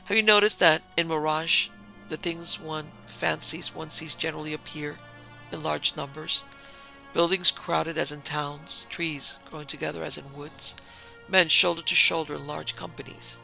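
A man reading an audiobook, voicing a stern, grave male storyteller who speaks deliberately. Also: fairly high pitch, steady tone, creaky, pushed and bright, soft background music, exaggerated voice, low-quality recording.

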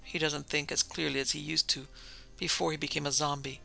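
A man narrates a story with wry, sardonic timing. His slightly high voice is very gravelly, with a sharp, tense brightness, and faint music plays beneath him. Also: little pitch movement, fairly quick, poor audio. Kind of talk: scripted narration.

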